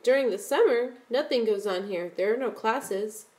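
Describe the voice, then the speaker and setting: Wary, polite schoolboy, read by a woman; short careful answers in a raised, brighter voice. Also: a little high, normal speed, natural voice. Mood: cautious. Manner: guarded, brief answers.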